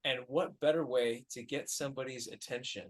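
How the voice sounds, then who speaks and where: Deadpan New Zealand man improvising. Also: medium pitch, moderate pace. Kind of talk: improvised stage comedy.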